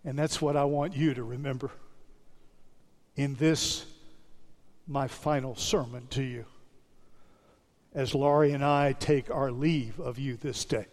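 A male pastor giving a sermon, with measured, emphatic preaching and deliberate repetition that sinks to a soft hush. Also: mid-range voice, steady tone. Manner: dropping to a soft hush on repeated phrases. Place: church sanctuary. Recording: sermon with long hall reverb.

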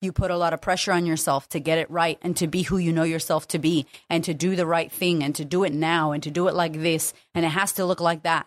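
A woman's voice: on the low side, dry recording. A woman hosting her own podcast as a confidence coach, talking frankly and emotionally and swearing freely. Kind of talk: candid solo podcast monologue.

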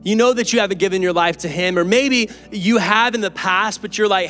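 A pastor preaching an earnest, emphatic and conversational sermon in a church. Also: male voice, sits high, brisk, few pauses, fairly bright tone, faint music behind. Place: church sanctuary.

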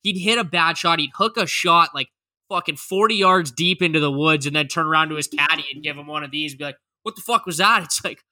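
A man's voice: fairly high pitch, steady tone, fast, pushed and bright. A man co-hosting a casual podcast, talking animatedly, swearing and laughing as he mocks others. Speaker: podcast co-host. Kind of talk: casual chat.

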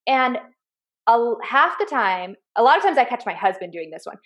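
A woman in her thirties co-hosting a casual podcast, telling animated stories and acting out her kids' voices. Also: a little high, moderate pace. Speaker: podcast co-host. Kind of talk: casual chat.

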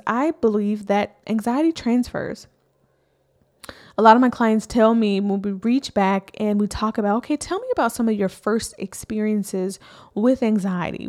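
A woman's voice: mid-range voice, darkish tone. A woman therapist hosting a podcast, talking earnestly in a conversational way and often checking in with "right?".

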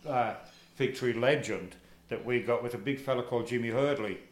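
An older man with a relaxed Australian accent spins yarns about his playing days, pausing often on fillers. His voice sits at an ordinary pitch. The room has a noticeable echo. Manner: casual, anecdotal, halting with fillers. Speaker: interviewee, former soccer player. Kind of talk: oral history interview. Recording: echoey room.

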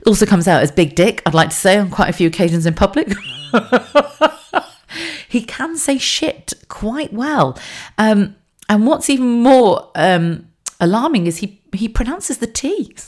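A woman, hosting a podcast as a chatty, animated monologue with frequent laughs and restarts. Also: medium pitch, unhurried. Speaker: podcast host.

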